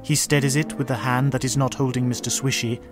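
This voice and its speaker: Deadpan man reading a comic story. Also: medium pitch, fairly quick, over music. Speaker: narrator.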